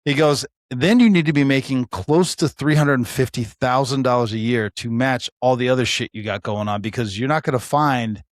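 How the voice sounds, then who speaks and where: A man's voice: mid-range voice, moderate pace, hardly any pauses, no room sound. Man in his forties, podcast chat, swears freely, acts out each voice in his stories, dry close sound. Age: 40s. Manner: animated storyteller, acts out quoted dialogue, swears freely. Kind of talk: casual chat.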